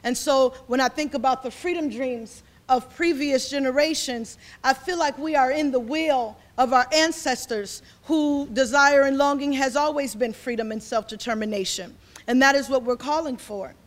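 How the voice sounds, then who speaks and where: A woman speaks as a community organizer, her voice sitting high. She talks fervently and a little ramblingly, circling back and repeating words as she pushes her point. The delivery is loose and conversational, slipping into casual phrasing mid-speech. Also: normal speed. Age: 40s. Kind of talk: impassioned speech to an audience.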